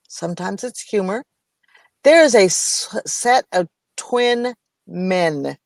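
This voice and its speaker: A middle-aged American woman co-hosting a casual business chat, telling stories in an animated way, slipping into playful voices and laughing. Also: mid-range voice, no echo. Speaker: co-host of a business talk show.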